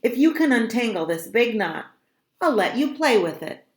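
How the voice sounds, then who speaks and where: A woman's voice: fairly high pitch, sing-song, moderate pace, pitched above the performer's own voice. A woman reading aloud and voicing an offhand young boy who mutters in an unimpressed way. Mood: dismissive. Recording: roomy echo.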